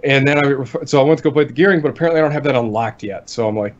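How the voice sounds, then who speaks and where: A man co-hosting a podcast in casual chat, relaxed and rambling, often trailing off mid-sentence. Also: medium pitch, racing, highs cut off. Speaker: podcast co-host.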